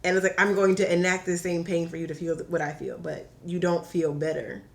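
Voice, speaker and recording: A woman from Virginia chatting on a podcast as a guest, telling a story in a lively way and acting out the voices she quotes. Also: lowish voice, a little fast, creaky. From Hampton Roads, Virginia. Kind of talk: casual chat.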